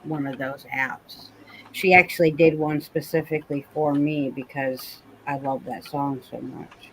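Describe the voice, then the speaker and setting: A man's voice: fairly high pitch, fairly even intonation, measured pace, fairly bright tone, a little hiss or hum, poor audio. A man chatting casually on a live stream, sharing news about a friend.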